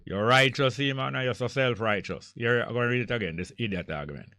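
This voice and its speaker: An older man with a Jamaican accent hosting a call-in radio show, reading out listener messages and answering them in an animated, argumentative way. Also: medium pitch, a little fast, clean tone, dry recording, clean studio sound. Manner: reads listener messages aloud, argues back heatedly. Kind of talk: casual call-in radio talk.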